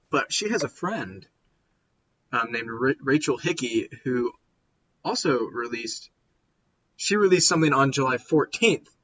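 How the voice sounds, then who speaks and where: A man's voice: mid-range voice, bright, forceful tone, dull audio, a little hiss or hum. A tired young man chatting casually on a podcast about music, rambling and cutting himself off. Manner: rambling, self-interrupting. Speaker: podcast co-host.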